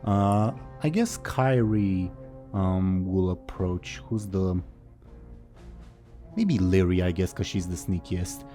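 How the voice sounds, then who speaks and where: A man running a tabletop role-playing game as game master. His voice is low and warm-toned, and his manner stays casual and playful, with a relaxed, conversational flow. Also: slow, soft background music.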